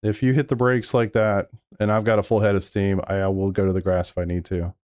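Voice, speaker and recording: A man's voice: fairly low pitch, flat delivery, brisk, darkish tone, dry recording, studio quality. A man streaming sim racing live, talking over race replays and arguing back at his chat with plenty of swearing. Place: home sim racing room.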